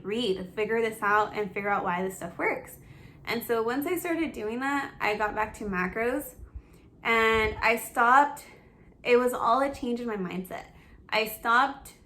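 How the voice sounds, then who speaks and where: A woman's voice: fairly high pitch, pushed and bright, a little hiss or hum. A young adult woman telling her personal fitness story to camera, candid and emotional, laughing through tears and acting out her own self-talk. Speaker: fitness vlogger.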